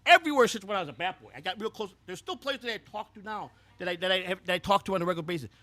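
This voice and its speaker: A man's voice: sits high, lively intonation, very fast, bright, forceful tone. A man playing a brash, foul-mouthed former baseball clubhouse worker who rambles through stories and trips over repeated words. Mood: boastful. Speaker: host. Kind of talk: scripted comedic character storytelling.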